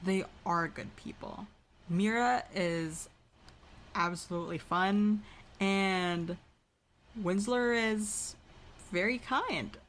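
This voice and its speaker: A woman playing a character in a tabletop game, speaking calmly and firmly. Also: mid-range voice, takes it slowly, pauses often. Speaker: player. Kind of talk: tabletop role-play.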